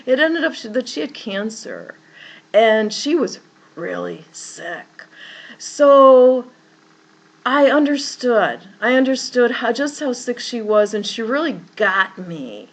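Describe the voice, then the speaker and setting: A woman's voice: a little high, sing-song, measured pace, slight background noise, low-quality recording. Earnest woman telling her story. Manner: earnest storytelling with many restarts and repeated words. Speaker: life coach. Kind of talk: personal story told to camera.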